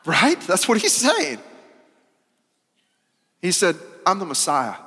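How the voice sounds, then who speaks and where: Male pastor, high voice, emphatic casual sermon delivery, big hall reverb. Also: huge pitch swings, takes it slowly, slightly rough. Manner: emphatic, repeats phrases, swings between loud and soft; casual, uses "y'all" and slang.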